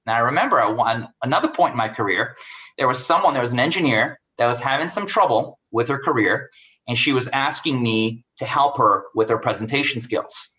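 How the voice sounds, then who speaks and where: Man, expert guest on a video call; bright, punchy delivery, animated storyteller. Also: medium pitch, brisk, rough recording. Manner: animated, acts out quoted dialogue. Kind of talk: storytelling career advice.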